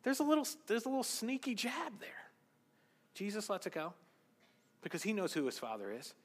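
High, lively preacher man in a reverberant hall. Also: moderate pace. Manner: animated, swings from loud emphasis to hushed asides. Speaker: pastor. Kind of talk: sermon.

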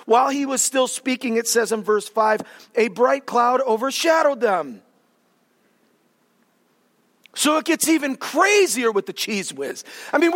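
An animated male pastor preaches with humor and sudden dramatic swings in volume. His voice is unusually high for a man. It rings with a long reverb through the church hall. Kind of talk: sermon.

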